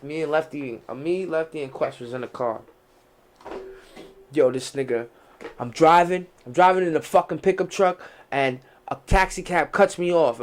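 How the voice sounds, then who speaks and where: A young man hosting a casual podcast, telling loose, profane stories with lots of restarts. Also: on the high side. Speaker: podcast host. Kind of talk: casual chat.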